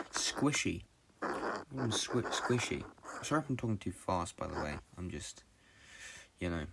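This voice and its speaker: A young man from Britain, a podcast host, telling a long dream story in a fast, rambling way with lots of swearing and fillers. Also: lowish voice, vocal fry, fairly bright tone, a little hiss or hum.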